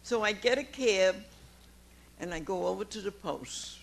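A woman, giving an emphatic personal testimony to a recovery meeting, dropping quiet and then rising to loud exclamations. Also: mid-range voice, animated, a little slow, creaky. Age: 90s.

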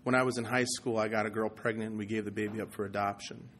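A man giving a personal testimony talk at a recovery meeting, talking passionately and swinging from loud, heated outbursts to low, quiet confession. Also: level tone, fast talker, a little hiss or hum. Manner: conversational, repeats "you know".

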